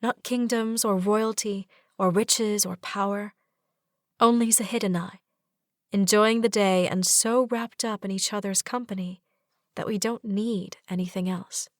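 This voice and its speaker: A woman narrating a first-person fantasy romance audiobook in a soft, even storytelling manner. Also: medium pitch, a little slow, dry recording, studio quality.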